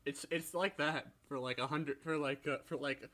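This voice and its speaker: Bright-voiced young man. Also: on the high side, fairly even intonation. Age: young adult. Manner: halting, restarts often. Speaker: podcast co-host, college student. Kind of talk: casual chat.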